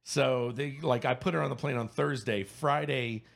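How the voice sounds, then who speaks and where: A man in his fifties from Louisiana, telling a story in casual chat, animated, laughing and swearing freely. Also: medium pitch, moderate pace, creaky. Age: 50s.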